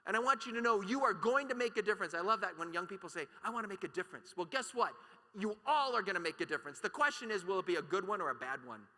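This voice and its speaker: A man's voice: high-pitched, expressive, fast, bright, forceful tone. A man giving an impassioned keynote talk at a conference, emphatic and full of rhetorical questions. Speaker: conference speaker. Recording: long hall reverb.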